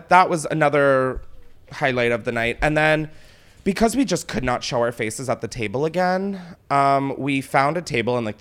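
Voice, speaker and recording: A man's voice: medium pitch, clear, resonant tone. A man hosting a casual chat, telling a story with lots of swearing and laughter. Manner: animated storyteller, swears freely, laughs often. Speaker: podcast host.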